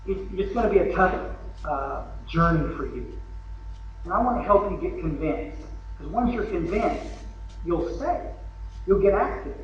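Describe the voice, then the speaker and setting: A man's slightly high voice comes from a convention podium as he gives a folksy recovery talk in a Texan accent, joking and acting out asides. The recording is lo-fi and far off in an echoing convention hall, with a little hiss or hum.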